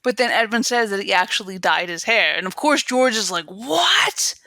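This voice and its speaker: A young woman co-hosting a podcast, casually recapping a TV episode with giggles and quick quoted voices. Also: medium pitch, pushed and bright, no echo. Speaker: podcast co-host. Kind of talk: casual chat about a TV show.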